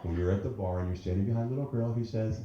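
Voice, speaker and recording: Brash comedian, warm and very echoey. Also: male voice, fairly low pitch, racing, dull audio. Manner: brash, crude, with mock-fussy character voices. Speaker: stand-up comedian. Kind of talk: stand-up comedy set. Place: comedy club stage. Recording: very echoey club room.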